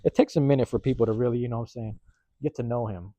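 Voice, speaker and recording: A man's voice: mid-range voice, fast, no echo. A man from the US West Coast, hosting a podcast in a casual storytelling monologue. He talks in slang and profanity, keeps tagging "man" and "bruh", and slips into put-on voices for the people he quotes. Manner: acts out quoted neighbors in lively put-on voices. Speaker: podcast host. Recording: dull, dry close recording.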